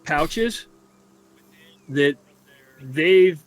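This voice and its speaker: A man running a tabletop game as game master, narrating haltingly and searching for words. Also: fairly high pitch, animated.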